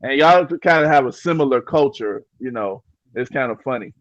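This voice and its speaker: A man's voice: medium pitch, animated, moderate pace, no room sound, dull audio. A man on a panel chatting casually, hesitant and rambling with many fillers. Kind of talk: casual chat.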